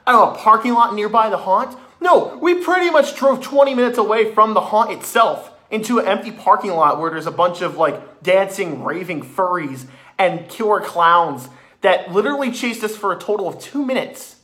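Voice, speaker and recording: Casting: excitable male vlogger, high, very lively voice, swears freely. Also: normal speed. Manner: excitable, swearing, animated retelling with restarts. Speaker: vlogger reviewing a haunted attraction. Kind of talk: excited casual review.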